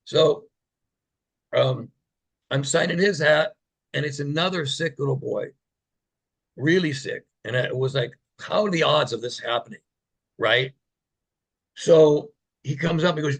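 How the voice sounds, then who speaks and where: A man with a gravelly, slightly husky voice, telling stories as an interview guest. He talks casually and with enthusiasm, and his voice drops soft when he quotes someone. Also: medium pitch, normal speed, long pauses, poor audio. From United States. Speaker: interview guest, former TV gladiator. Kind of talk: casual storytelling.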